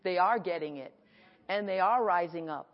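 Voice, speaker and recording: A woman pastor preaching an animated sermon at a conference and acting out her dialogue, recorded in an echoey hall. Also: on the low side, normal speed. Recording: echoey hall, dull sound.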